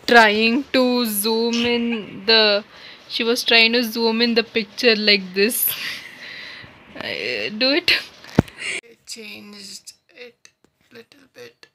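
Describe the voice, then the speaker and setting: A young woman talks slowly and loosely, with plenty of "like" and "you know" and a self-mocking streak. Her voice is bright and clear, and a faint hiss of room noise sits underneath it. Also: mid-range voice, poor audio. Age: young adult. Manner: rambling, filler-heavy, self-mocking. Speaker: vlogger. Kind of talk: casual vlog voice-over chat.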